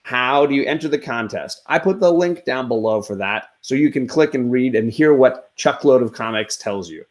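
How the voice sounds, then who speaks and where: A man's voice: medium pitch, animated, moderate pace. A man hosting a casual comics live stream, chatting loosely and greeting viewers in the chat. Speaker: comics channel host.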